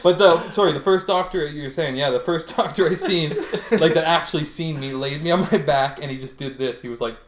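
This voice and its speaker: A man's voice: on the high side, fairly quick, hardly any pauses, noisy background. Laughing, swearing man telling a story. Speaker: podcast co-host. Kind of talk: casual chat. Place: a house. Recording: echoey room.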